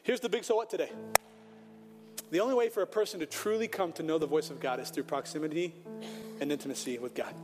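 A pastor preaches in a sermon, his voice pitched high for a man. He tells stories in a lively way and throws in playful asides to the congregation. The sound has a long hall echo and music plays clearly underneath. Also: quick pace, long pauses.

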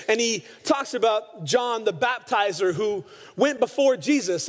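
High-pitched guy preaching, tells the bible stories like stories, big echoey church hall. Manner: storytelling, acts out quoted lines. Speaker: pastor. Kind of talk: sermon. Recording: long hall reverb.

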